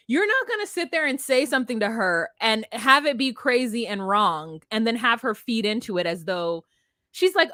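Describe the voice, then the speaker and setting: Animated woman recapping a reality show. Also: on the high side, normal speed, no echo, studio quality. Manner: animated, acts out quotes in exaggerated voices. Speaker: podcast co-host. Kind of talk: casual reality-TV recap chat.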